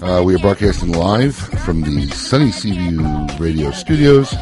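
Lively, joking male radio host. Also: low-pitched, a little slow, music in the background. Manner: joking, laughs often, lively storytelling. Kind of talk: casual radio talk show chat. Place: radio studio.

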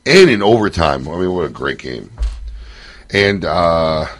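A man's voice: sits low, sing-song, measured pace, fairly bright tone, slight background noise. A man hosting a radio show, chatting casually, joking and laughing often.

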